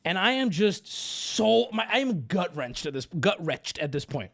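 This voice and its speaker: Streamer guy ranting about his trip, high voice that jumps all over, swears a lot, talks in choppy bits. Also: measured pace, gravelly. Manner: animated, rambling, profane, clipped fragments. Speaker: streamer host. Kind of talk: casual storytelling on a livestream.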